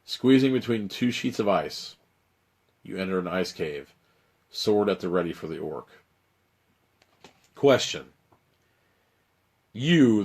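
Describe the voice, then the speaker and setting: A man hosting a livestream, reading an adventure gamebook aloud with wry, irreverent asides and casual swearing. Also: fairly low pitch.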